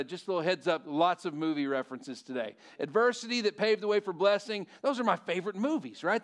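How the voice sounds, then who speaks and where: A man's voice: sits high, smooth. A middle-aged male pastor preaching a sermon in a conversational way, often asking the congregation questions.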